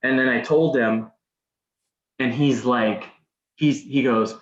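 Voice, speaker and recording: A man's voice: mid-range voice, takes it slowly. A man guest on a podcast, telling a story casually, rambling, with many restarts and "like"s. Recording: roomy, dull sound.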